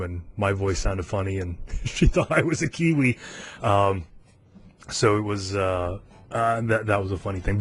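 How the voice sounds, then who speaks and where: A man's voice: on the low side, slight background noise. A man in his forties from the United States, hosting a podcast in a casual, self-amused chat with frequent fillers and chuckles. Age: 40s. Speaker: podcast host.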